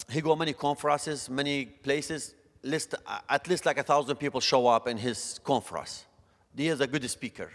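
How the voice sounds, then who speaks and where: Man preaching into a reverberant hall. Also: medium pitch. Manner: halting, repeats words, swings between loud and soft. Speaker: youth speaker. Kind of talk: testimony sermon. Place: church hall.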